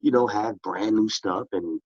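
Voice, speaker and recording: A tired middle-aged man rambles through a casual interview with a very low, husky voice. The sound is dry and close but a little dull and lo-fi, as if recorded on a modest setup. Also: measured pace, no room sound. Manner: relaxed, rambling with many "you know" fillers. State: tired, short on sleep. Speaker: boxing club founder, guest.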